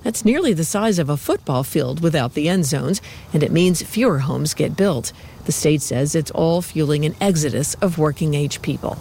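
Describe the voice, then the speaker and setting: A female reporter narrating a news feature with a measured, even delivery. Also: low-pitched, gravelly, a little hiss or hum.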